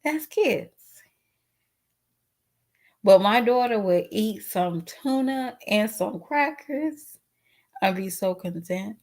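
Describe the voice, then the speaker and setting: Her voice is mid-range with a somewhat dark tone. In a casual commentary vlog, she talks right to her audience, candid and emotional, occasionally tearing up as her voice breaks.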